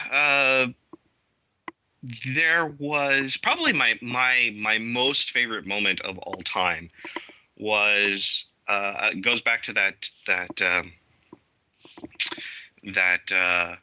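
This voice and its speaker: A man's voice: lowish voice, sharp tone, slight background noise, low-quality recording. A man chatting as a podcast guest, telling stories enthusiastically and restarting his sentences often with many fillers. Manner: enthusiastic storytelling. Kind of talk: casual interview talk.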